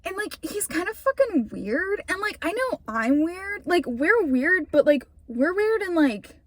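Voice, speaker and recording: Young woman vlogger, high voice, rambling storytime from the driver's seat, lots of swearing and "like". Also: sing-song, a little slow, no room sound. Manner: rambling, heavy swearing, many fillers. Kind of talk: casual storytime rant while driving. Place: in a car.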